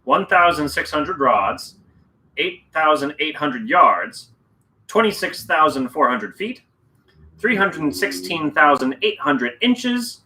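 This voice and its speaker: A man's voice: a little high, sing-song, takes it slowly, sharp tone, low-quality recording. A man playfully reciting a long list of measurements.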